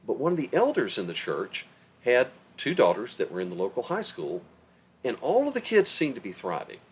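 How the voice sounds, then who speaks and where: A man's voice: mid-range voice, fairly quick, husky. A middle-aged man co-hosting a podcast, talking in a casual, emphatic way. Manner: animated, emphatic storytelling. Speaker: podcast co-host. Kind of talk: casual conversation.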